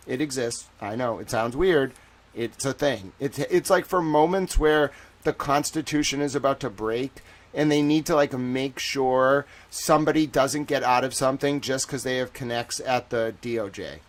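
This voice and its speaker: A man hosting a livestream in casual commentary, talking in a rambling, animated way full of "like.". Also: mid-range voice, normal speed. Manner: rambling and animated, heavy use of "like". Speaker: livestream host.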